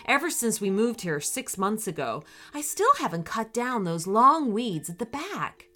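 A woman voicing a kind, gently coaxing mother in a children's storybook reading. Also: on the high side, very animated, unhurried, faint music behind, heavily acted. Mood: gentle. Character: kind busy mother of a young girl.

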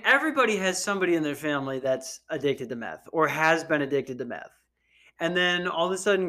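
A man's voice: on the high side, sharp tone. A man hosting a podcast, riffing in casual, profane, rambling comedic commentary on news stories. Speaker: podcast host.

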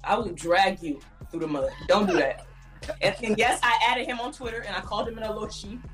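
A woman's voice: medium pitch, a little fast, faint music behind, low-quality recording. Boastful, teasing Nigerian woman co-host. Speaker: podcast co-host. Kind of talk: casual podcast chat.

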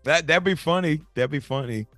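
A man co-hosting a casual movie review chat, talking in animated bursts with stammering restarts and sudden jumps between loud and soft. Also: a little high, fairly quick, no echo, faint music behind. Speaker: podcast co-host.

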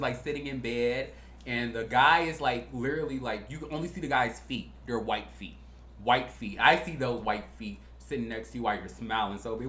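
A young man co-hosting a podcast, chatting casually and telling profane, animated stories. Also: medium pitch, reverberant. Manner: animated storytelling, profane and playful. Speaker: podcast co-host.

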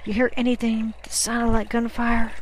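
A woman voicing a gruff but kindly older male sailor who coaxes and soothes, stammering now and then, in a storybook reading. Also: a little high, monotone, moderate pace, slight background noise, natural voice, poor audio. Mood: urgent.

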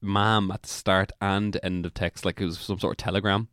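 A man's voice: deep voice, moderate pace, no echo, clean studio sound. A man co-hosting a podcast, telling stories, teasing and swearing in casual banter. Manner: laughing, teasing, animated storytelling. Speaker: podcast co-host.

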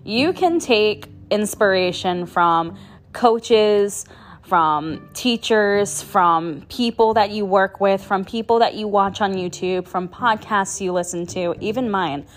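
A woman's voice: mid-range voice, slow, faint music behind. A woman hosting her own podcast, talking in a casual motivational monologue, chatty, laughing often and swearing for emphasis. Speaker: podcast host.

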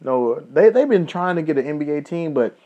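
A man's voice: fairly high pitch, a little fast, narrow, tinny audio. A man from Kentucky with a Kentucky accent, a podcast host in casual, profane chat. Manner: profane, animated storytelling.

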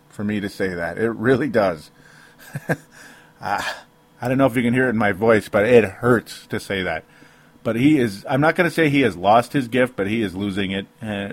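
A man giving a solo sports opinion podcast, rambling and interrupting himself with frequent rueful laughs. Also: lowish voice. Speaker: sports commentator.

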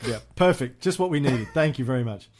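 A man's voice: mid-range voice, expressive, fairly quick, a little mellow, slight background noise. A man hosting a history podcast, telling the story in a chatty, casual way with frequent fillers and easy laughs. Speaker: podcast host.

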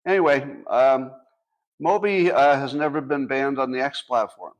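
A man's voice: mid-range voice, moderate pace. A man in his sixties hosting a casual livestream, talking to his audience with dry sarcastic asides. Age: 60s. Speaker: podcast host.

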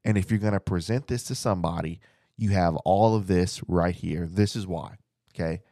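A man's voice: sits low, normal speed, dark tone, dry recording, clean studio sound. A man teaching the Bible as a preacher, earnest and repeating phrases for emphasis, speaking to listeners at home.

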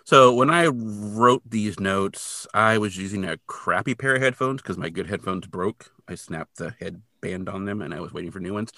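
Male podcast co-host, animated storyteller, bright tone, dry close sound. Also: fairly low pitch, no echo. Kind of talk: casual recap chat.

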